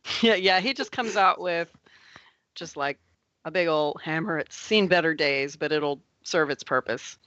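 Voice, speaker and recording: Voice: mid-range voice, a little slow, bright, forceful tone, no room sound, muffled recording. A game master narrating a tabletop game in a loose, rambling way, laughing often.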